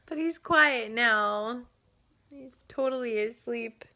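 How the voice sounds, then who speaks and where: Young mum vlogging at home, bright voice, unhurried chatty talk. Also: female voice, on the high side. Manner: chatty, upbeat, with laughs and fillers. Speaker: vlogger, new mother. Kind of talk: casual chat. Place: home nursery.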